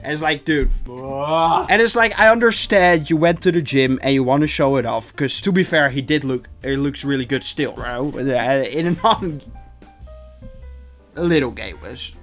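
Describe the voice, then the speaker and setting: A man's voice: mid-range voice, normal speed, fairly bright tone, faint music behind. A young man hosting a casual reaction video, reading posts aloud with chatty, sarcastic commentary and frequent laughs. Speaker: YouTube reaction host.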